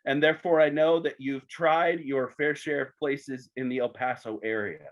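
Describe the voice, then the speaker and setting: A man's voice: mid-range voice, steady tone, moderate pace, highs cut off. A man hosting a podcast, asking questions in a chatty, joking way with some false starts. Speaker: podcast host. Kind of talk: casual interview chat.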